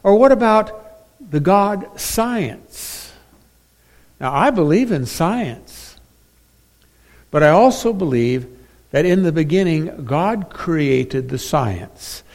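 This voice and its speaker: A man preaching a sermon as pastor, emphatic, swinging between loud stressed phrases and quiet drops. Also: on the high side, animated, slow pace.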